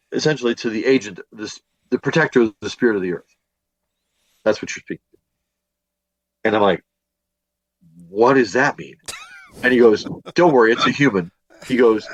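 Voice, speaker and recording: A man's voice: fairly low pitch, no room sound. Man, from Northwest Indiana, rambling storyteller, dry close sound, slightly dull lo-fi recording. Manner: rambling, with many fillers and restarts. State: a bit worn from a day of teaching. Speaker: paranormal investigator and teacher guest. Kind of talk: storytelling in a podcast interview.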